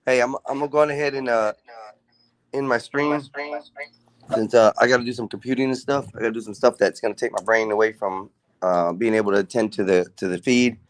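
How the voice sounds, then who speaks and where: A man's voice: mid-range voice, fairly even intonation, a little fast, no echo. Laid-back man, dry close sound. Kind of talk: casual livestream chat. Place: outdoors behind his house.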